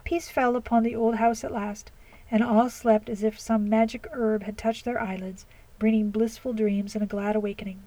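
A woman narrating classic fiction as an audiobook, in a measured, expressive storytelling manner. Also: a little high, low-quality recording.

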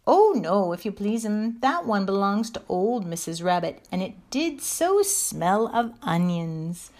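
A woman's voice: mid-range voice, big pitch swings, unhurried, darkish tone. A woman voicing a stout, anxious hedgehog washerwoman in a storybook reading, chatty and deferential. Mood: polite, fussy. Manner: bobbing, deferential, chatty about the washing.

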